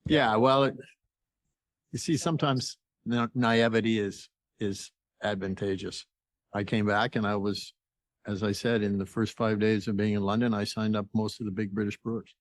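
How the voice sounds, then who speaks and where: Older man, from Canada, podcast guest, lively storyteller, voices each side of a conversation, dry sound. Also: lowish voice, moderate pace, no echo. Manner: animated storyteller acting out dialogue. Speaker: entrepreneur guest. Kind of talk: storytelling interview.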